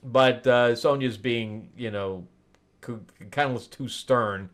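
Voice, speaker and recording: A man's voice: medium pitch, takes it slowly. A man hosting a comic review, casually recapping a story in a rambling way with asides. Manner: rambling retelling with laughs and asides.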